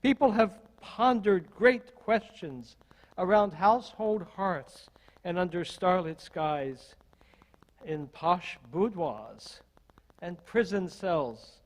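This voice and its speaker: An older man, an associate minister, delivering a sermon in a measured, deliberate way with strings of rhetorical questions. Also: high-pitched, lively intonation, low-quality recording.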